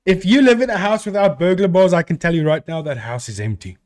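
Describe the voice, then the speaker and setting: A man's voice: sits high, fast talker, darkish tone. A man from South Africa with a South African accent, a live stream host chatting casually and answering viewers with rambling restarts.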